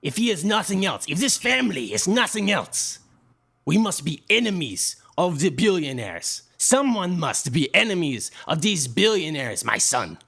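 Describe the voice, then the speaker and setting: A defiant old grandfather with a vague foreign accent booms his lines, as a man puts him on. The voice sits high and loud. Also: big pitch swings, fast, creaky, hardly any pauses, slightly rough, exaggerated voice. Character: old gruff grandfather, fiercely anti-billionaire.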